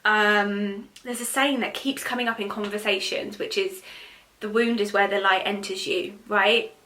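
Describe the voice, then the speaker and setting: Young woman, spiritual reader doing a chatty viewer Q&A; lively, filler-heavy storytelling, bright voice. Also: medium pitch, moderate pace, a little hiss or hum. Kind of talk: casual Q&A monologue.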